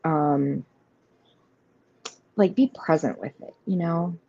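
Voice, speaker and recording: A woman's voice: low-pitched, takes it slowly, slightly rough. A woman hosting a live tarot reading, chatting casually and rambling through the cards with many fillers, reassuring the viewers. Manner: reassuring, speaks straight to viewers. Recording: slightly muffled stream audio with faint noise.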